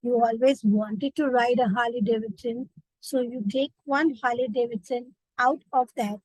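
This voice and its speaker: A woman's voice: fairly high pitch, fairly even intonation, normal speed, a little mellow, slightly rough, no echo, low-quality recording. A woman with an Indian accent, a memory trainer, guiding listeners through a vivid imagined story. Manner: vivid storytelling, direct address. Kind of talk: guided visualization lesson.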